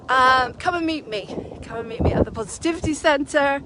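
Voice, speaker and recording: A high-voiced woman talks to camera outdoors on a green, exuberant and given to whoops and bits of song. She speaks at an unhurried pace. A faint hiss sits behind her. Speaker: vlogger. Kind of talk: casual outdoor video chat.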